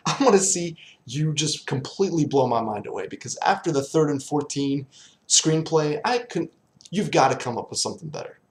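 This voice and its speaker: A man's voice: on the high side, lively intonation, moderate pace. Profane, exasperated man ranting. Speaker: sports fan vlogger. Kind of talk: casual ranting vlog.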